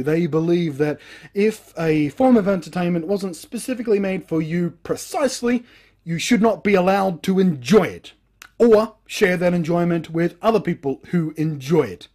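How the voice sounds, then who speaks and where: A man vlogger rants to camera in a fairly high voice. He is sarcastic and emphatic, stretching out key words for effect. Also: darkish tone. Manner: sarcastic, emphatic, drawn-out stresses. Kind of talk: ranting commentary.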